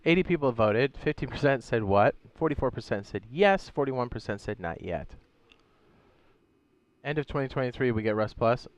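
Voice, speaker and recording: Raspy sick man streaming a game. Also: mid-range voice, expressive, normal speed, no echo, highs cut off. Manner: clears his throat often, rambling and thinking aloud. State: sick and hoarse. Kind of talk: casual live-stream commentary.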